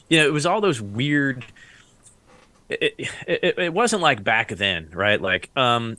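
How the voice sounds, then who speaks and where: A man's voice: fairly low pitch, lively intonation, moderate pace, pushed and bright, no echo. A man who served in the Iraq War, telling stories in a casual podcast chat. He rambles, laughs often and acts out what others said. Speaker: Iraq War veteran guest.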